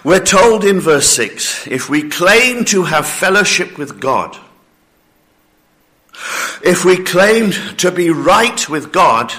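Slow, emphatic male preacher, breathless. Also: sits high, bright, forceful tone. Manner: slow, emphatic preaching with acted-out listener objections. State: short of breath, coughing. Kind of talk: sermon.

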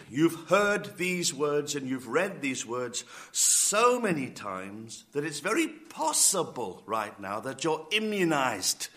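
A man delivering a sermon as a pastor, emphatic and deliberate, rising on key words and coughing now and then. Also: on the high side, a bit bright.

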